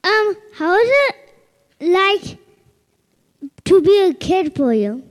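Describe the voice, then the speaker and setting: Male audience member, high-pitched and slow, hesitant question, heard from afar in a reverberant hall. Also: big pitch swings. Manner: hesitant, rephrasing his question. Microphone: far from the mic. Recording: distant voice in an echoey hall.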